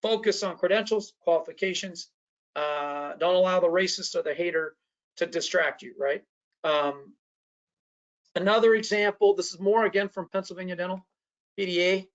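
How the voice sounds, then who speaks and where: A man's voice: high-pitched, normal speed, muffled recording. A man presenting an online training workshop, talking conversationally and often checking in with his listeners.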